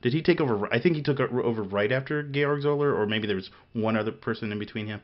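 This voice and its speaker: A man's voice: medium pitch, quick pace, dull audio. A man from Missouri co-hosting a casual gaming chat show, rambling with many restarts, fillers and laughs. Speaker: podcast co-host.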